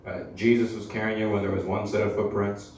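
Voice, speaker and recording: Deadpan young man doing stand-up. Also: lowish voice, fast talker. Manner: hesitant, deadpan, filler-heavy. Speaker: amateur stand-up comedian. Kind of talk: stand-up routine. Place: comedy club stage. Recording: echoey live club, mic at distance, room noise.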